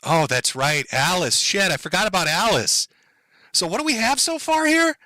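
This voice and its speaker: A man's voice: high-pitched, expressive, moderate pace, pushed and bright, dry recording, low-quality recording. A man live-streaming sarcastic, profane commentary, mocking and sardonic as he reacts to clips.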